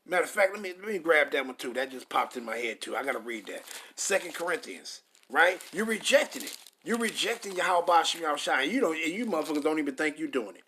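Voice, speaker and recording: Brief: male preacher, high-pitched voice, reads scripture, then curses and berates listeners. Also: big pitch swings, fast talker, hardly any pauses, sharp tone, slight background noise. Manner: reads verses then rants with heavy profanity; stumbles over words. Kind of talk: confrontational scripture sermon.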